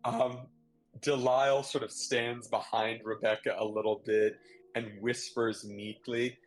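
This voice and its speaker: A man narrating a tabletop game as game master, halting and thinking aloud. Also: medium pitch, little pitch movement, soft background music.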